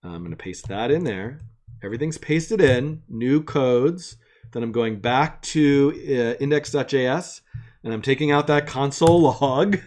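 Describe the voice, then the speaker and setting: A man's voice: medium pitch, a little slow, a little mellow. Chatty man narrating his live coding. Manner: chatty, thinks aloud and narrates each step. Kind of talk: casual live-stream coding talk. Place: attic room.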